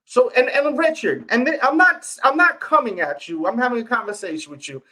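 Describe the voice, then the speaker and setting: A man with a strong New York accent hosts a casual livestream, talking straight to his viewers. His delivery is blunt and forceful and pushes back in an argumentative way. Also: very high-pitched, animated, a little fast, poor audio. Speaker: livestream host.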